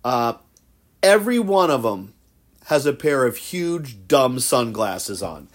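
A man chats casually as a podcast host, recapping a reality show with dry, gossipy sarcasm. His pitch sits at an ordinary middle height, and he mocks the cast with a deadpan edge. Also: slow pace.

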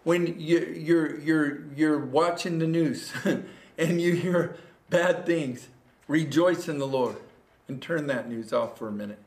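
Earnest pastor preaching to a camera. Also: male voice, on the high side, slow, darkish tone. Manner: earnest, repeats phrases, rises to exhortation. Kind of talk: livestreamed sermon. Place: church room. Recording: echoey room.

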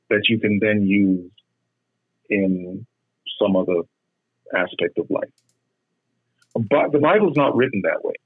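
A man leading a Bible study, explaining and correcting in a measured, patient way. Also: fairly low pitch, breathy edge, no echo. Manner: measured, explanatory, repeats words when correcting. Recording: muffled phone-line sound.

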